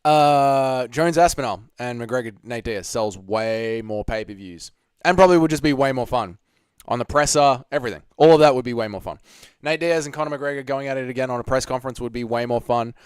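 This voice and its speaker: A man's voice: mid-range voice, a little fast, a little mellow, clean tone, dry recording. A young man hosting a casual live stream, chatting and reading out viewer comments with plenty of swearing. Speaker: livestream host.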